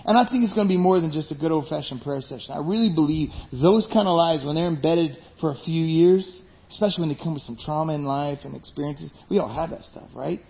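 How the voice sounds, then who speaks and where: A man preaching a sermon, animated, acting out the voices of people in his stories. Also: on the high side, fast, hardly any pauses, dull audio. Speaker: pastor.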